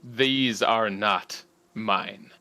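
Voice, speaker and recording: An ancient guardian of the forest, as a man puts him on for a tabletop game. He speaks in a slow, groaning drawl with a bright, forceful tone, every word weighed out. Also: fairly low pitch, creaky, full character voice. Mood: dismissive. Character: ancient male tree guardian, slow and deep.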